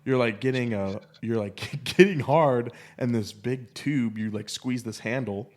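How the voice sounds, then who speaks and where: Halting man in casual chat. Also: medium pitch. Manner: halting, filler-heavy explaining.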